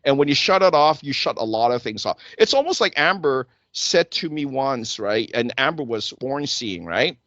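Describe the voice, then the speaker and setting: A man's voice: medium pitch, animated, normal speed, hardly any pauses, fairly bright tone, no echo. A man hosting a casual talk show, telling stories animatedly and acting out the exchanges he quotes. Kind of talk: casual chat. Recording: dull lo-fi dry sound.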